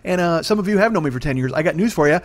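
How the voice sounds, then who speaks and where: A man in his forties hosts a solo comedy podcast, rambling, swearing freely, and poking fun at himself. His voice is fairly high with lively intonation, and he's racing along.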